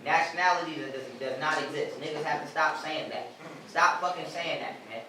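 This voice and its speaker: A man with a slightly high voice gives a blunt, profane informal lecture to a small street crowd, speaking a little fast and emphatically and often laughing at his own jokes. The mic is far off in an echoey, noisy space where the crowd can be heard.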